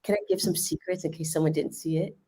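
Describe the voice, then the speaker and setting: A woman with a lowish voice talks through her points on a video call, explaining at length and breaking into laughter. Her delivery is casual and animated, full of asides and questions to the host. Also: fast, slightly rough. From United States. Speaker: guest living in Lisbon. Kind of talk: casual livestream discussion.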